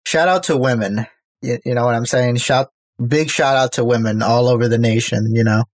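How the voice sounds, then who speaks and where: A man's voice: mid-range voice, fairly even intonation, normal speed, dry recording. A man on a podcast panel in casual chat, tossing in dry joking quips.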